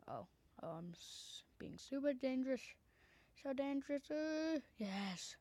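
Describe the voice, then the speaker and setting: A woman's voice: high voice, animated, measured pace, a little mellow, dry recording. A woman commenting on a game she plays from her bedroom, often dropping into a whisper, into a desk microphone. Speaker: gamer. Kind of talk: casual gameplay commentary.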